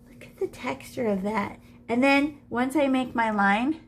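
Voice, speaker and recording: A woman with a highish, fairly bright voice demonstrates shading live in a classroom, speaking at a moderate pace with few pauses. She's chatty and playful, thinking aloud while she draws, against slight background noise.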